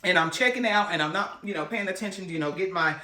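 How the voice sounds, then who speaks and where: A woman's voice: fairly low pitch, fast talker, pushed and bright, echoey room. A woman telling a heartfelt personal faith testimony to her viewers and ending in prayer. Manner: earnest, heartfelt storytelling with a closing prayer. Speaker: faith-based autism parent coach.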